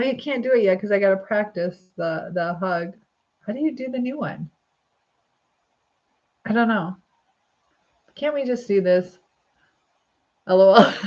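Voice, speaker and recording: Hosting a casual livestream on a phone or webcam, a woman speaks at medium pitch in a muffled recording. She goes through viewer comments aloud, upbeat and chatty, often laughing and using plenty of fillers.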